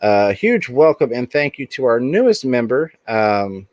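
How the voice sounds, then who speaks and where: A man's voice: medium pitch, sing-song, measured pace, a little mellow, no echo, muffled recording. A man hosting a casual livestream in an upbeat way, reading the chat aloud and thanking viewers. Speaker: livestream host.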